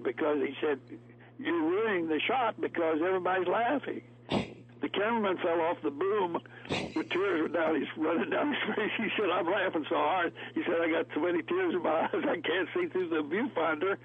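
A man's voice: fairly high pitch, husky. A man telling folksy stories as a guest, laughing often. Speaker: actor guest. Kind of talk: storytelling interview. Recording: tinny phone line, radio.

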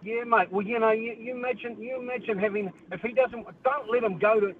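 A man's voice: extremely high pitch, a little fast. A man with a New Zealand accent calling a radio show, saying "mate" constantly and restarting often. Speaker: caller. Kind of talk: casual phone-in chat. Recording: tinny phone line with hiss.

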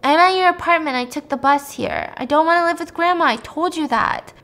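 A woman voicing an upset young boy who insists on getting his way, in a higher, whiny voice. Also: a little fast, fairly bright tone.

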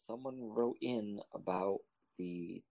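A man's voice: lowish voice, takes it slowly, gravelly, mellow, dull audio. A man hosting a podcast in casual, joking chat, laughing often and rambling loosely. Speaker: podcast host.

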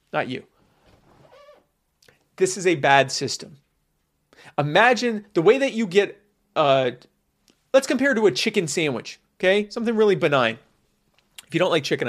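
A man's voice: high voice, a bit bright. Sarcastic man with a raised voice. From United States. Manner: sarcastic, emphatic, full of fillers. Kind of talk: opinionated monologue.

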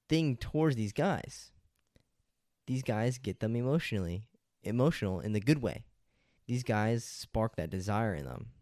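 A man's voice: lowish voice, a little mellow, dry recording, clean studio sound. A young man giving blunt dating advice in a casual monologue, lecturing with slang like "dude" and "like".

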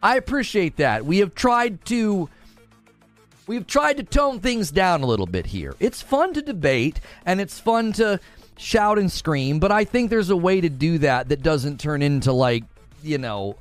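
A man hosting a casual gaming livestream, reading viewers' chat comments aloud and laughing often. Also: on the high side. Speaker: gaming channel host reading live chat.

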